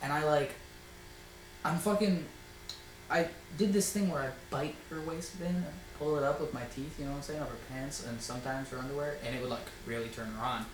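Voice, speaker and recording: A young man hosting a casual storytelling chat, loud and laughing, swearing often and acting out quotes. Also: fairly high pitch, brisk, reverberant, noisy background. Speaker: host.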